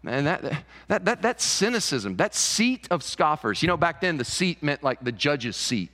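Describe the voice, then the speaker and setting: A pastor preaches to his congregation in a church sanctuary, his voice sitting a little high for a man. He talks in an animated way and repeats words as he builds toward a point. A long reverb from the large hall trails behind each phrase. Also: moderate pace. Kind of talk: sermon.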